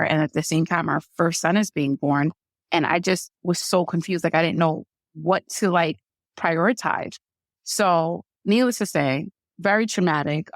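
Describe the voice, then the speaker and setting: Woman in her 30s telling her birth story on a podcast, kinda low voice, lots of "like" and "um", super dry sound. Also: dry recording. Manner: conversational, many fillers, quotes others in shifting voices. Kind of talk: emotional personal storytelling.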